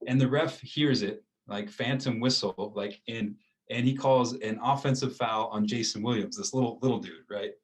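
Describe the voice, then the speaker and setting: An American man in his thirties, telling a casual story as an interview guest, with a relaxed, rambling way of talking and lots of fillers. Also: mid-range voice, normal speed, low-quality recording. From United States.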